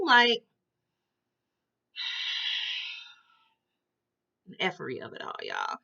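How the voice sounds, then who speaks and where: High, lively woman chatting to viewers. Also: moderate pace, dull audio. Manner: chatty, addresses viewers as "y'all", exaggerated reactions. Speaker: episode recap host. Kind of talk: casual storytelling recap.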